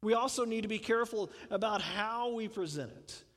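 High-voiced preacher in an echoing hall. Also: male voice, a little fast, a bit bright. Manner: conversational, asks the congregation questions, chuckles. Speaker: pastor. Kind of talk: sermon.

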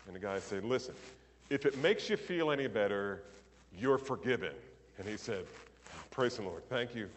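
A man in the middle of a sermon, spinning a story with lively, acted-out dialogue and sudden jumps to a louder voice. His voice rings with the long reverb of a large hall, over a faint hum of ambience. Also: lowish voice, moderate pace. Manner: animated storytelling, acting out characters with raised voice. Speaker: preacher.

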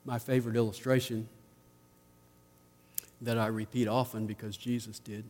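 A man preaching a sermon as pastor, rising to emphatic peaks and dropping to quiet asides. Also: mid-range voice, in a large hall.

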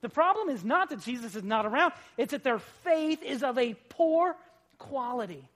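A pastor preaching a sermon in a conversational, joking way, swinging between loud emphasis and quiet asides. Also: high voice, animated, moderate pace. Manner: conversational, with jokes and acted-out quotes.

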